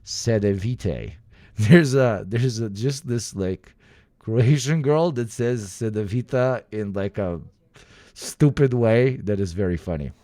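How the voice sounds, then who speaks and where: A man with a Balkan accent, a streamer talking casually to chat, loud and profane with frequent laughing. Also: slow pace, dry recording. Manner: loud, profane, laughing, swings into high outbursts.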